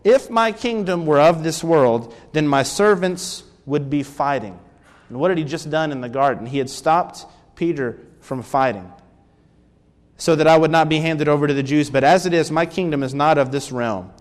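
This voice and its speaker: A man's voice: fairly high pitch, normal speed, in a large hall. A man preaching a sermon lesson, earnestly explaining scripture and asking rhetorical questions. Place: church.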